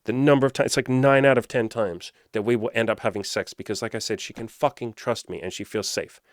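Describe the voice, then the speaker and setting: A man's voice: medium pitch, steady tone, brisk, no echo, clean studio sound. A man talking as a dating coach in a casual monologue, blunt and swearing constantly, driving points home with rhetorical questions.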